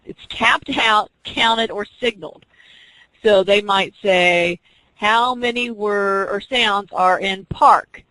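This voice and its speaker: A woman's voice: mid-range voice, fairly even intonation, slow pace, bright, forceful tone, dry recording, low-quality recording. A woman teaching an online class, explaining reading skills step by step and acting out teacher and student examples. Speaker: teacher educator.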